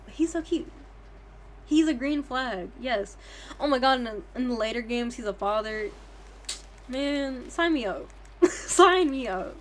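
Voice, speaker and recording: A woman's voice: on the high side, a bit bright, slight background noise. A young woman streaming a game, chatting casually in a rambling, profane, giggly way. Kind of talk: casual livestream chat.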